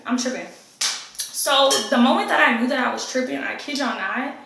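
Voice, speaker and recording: A young woman tells a storytime vlog straight to her viewers, animated and swearing freely as she keeps calling them y'all. Her high voice is bright and edged with vocal fry. The room around her is very echoey. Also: slight background noise. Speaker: vlogger.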